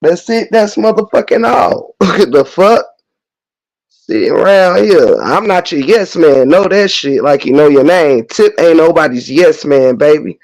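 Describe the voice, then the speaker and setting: High-pitched guy going off on a cussing rant, slangy, mocking, dry room. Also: lively intonation, a little slow, darkish tone, no room sound, rough recording. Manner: profane, slangy, blunt and mocking. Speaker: commentary host. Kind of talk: unscripted rant.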